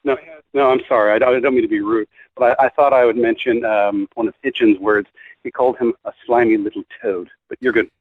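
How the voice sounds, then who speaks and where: A man's voice: mid-range voice, steady tone, fast talker, no echo. A male caller on a call-in show, polite and apologetic as he tells a story over the phone. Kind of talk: call-in conversation. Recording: tinny dry phone line.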